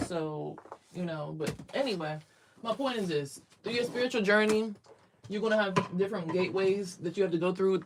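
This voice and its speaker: A young adult woman, a spiritual vlogger, talking casually and bluntly to camera with lots of swearing, getting louder as she gets worked up. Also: fairly low pitch, slight background noise. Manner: blunt, profane, ranting; animated, swings louder when worked up.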